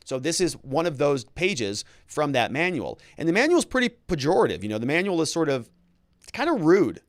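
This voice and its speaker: A man's voice: a little high, big pitch swings, a little fast, dry recording, studio quality. A man who hosts a legal commentary show, talking casually and sarcastically while reading documents aloud. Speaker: lawyer and legal commentary host.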